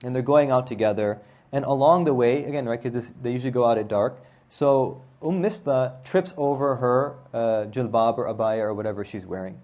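A man teaching a religious lesson, retelling the story in a casual, conversational way and often checking in with listeners with a quick "right?". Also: medium pitch, darkish tone, dull audio.

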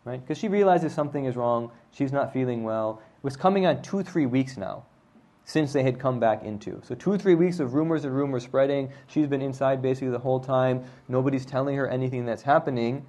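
A man teaching a religious lesson, retelling the story in a casual, conversational way and often checking in with listeners with a quick "right?". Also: mid-range voice, warm tone.

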